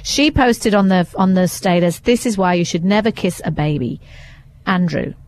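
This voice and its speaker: A young adult woman, hosting a podcast in casual, animated chat and laughing easily. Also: lowish voice, moderate pace. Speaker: podcast host.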